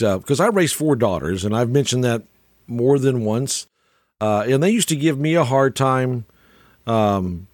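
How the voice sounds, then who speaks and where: A man's voice: medium pitch, no room sound, studio quality. An older man telling stories in a casual, rambling monologue, chuckling often and restarting his sentences. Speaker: storyteller.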